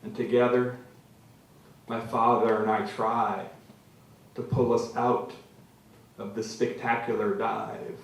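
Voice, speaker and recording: A man reading his own literary prose aloud to a live audience, measured and dramatic, leaning on repeated phrases. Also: on the low side, little pitch movement, creaky. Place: literary venue before an audience. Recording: very echoey hall from far off.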